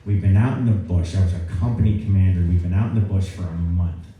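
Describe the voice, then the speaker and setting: A man doing a gruff old army general. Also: deep voice, fairly even intonation, fast, highs cut off, close to an everyday voice. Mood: commanding. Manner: loud, commanding general's delivery. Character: gruff older male four-star army general. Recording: echoey hall from far off.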